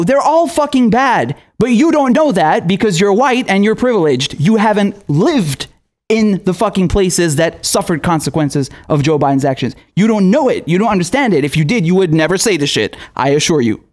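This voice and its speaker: Host, male, higher register; exasperated, swearing commentary rant. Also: lively intonation, normal speed, darkish tone. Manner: profane, exasperated, sarcastic. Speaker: political commentator. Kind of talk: angry ranting commentary.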